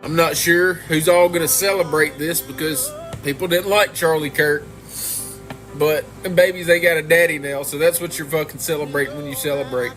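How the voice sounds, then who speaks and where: A man ranting with raw anger, swearing heavily and pressing every point. His voice sits high, with faint music behind him. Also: steady tone, normal speed, a bit bright. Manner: angry, profane, emphatic. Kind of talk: emotional video rant.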